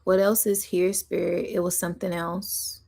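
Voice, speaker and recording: A young woman with a slightly low voice talks straight to her viewers as she gives a spiritual reading. She is chatty and giggly, and she stretches her words out slowly while she channels. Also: level tone, vocal fry, warm tone, slightly rough. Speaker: spiritual energy reader. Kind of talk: casual intuitive reading to viewers.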